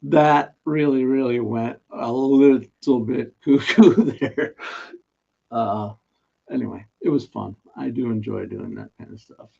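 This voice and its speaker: A man's voice: medium pitch, slow, creaky, mellow, husky. A man hosting a casual live stream, chatty and self-mocking, often laughing mid-sentence. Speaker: live stream host running a daily trivia guess. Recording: dull lo-fi stream audio.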